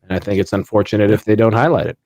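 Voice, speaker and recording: A man's voice: fairly low pitch, fairly even intonation, very fast, darkish tone, dry recording. Rambling male podcast co-host, dry sound. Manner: rambling, many fillers and restarts. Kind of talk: casual chat.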